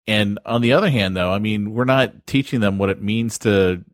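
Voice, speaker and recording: A man with a fairly low voice co-hosts a podcast in relaxed conversation. He speaks in a reflective, easygoing way. The recording is dry, with little room sound. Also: normal speed, no echo. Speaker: podcast co-host. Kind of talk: casual podcast chat.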